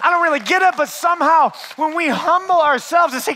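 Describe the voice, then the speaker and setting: A man preaching a sermon as pastor, conversational and animated, swinging between loud and hushed, and often calling listeners "man". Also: extremely high pitch, fairly quick.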